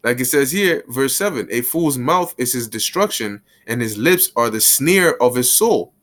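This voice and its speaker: A man giving a conversational Bible lesson in casual street slang, breaking into quick little acted scenes. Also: medium pitch, animated, a bit bright. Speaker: bible teacher.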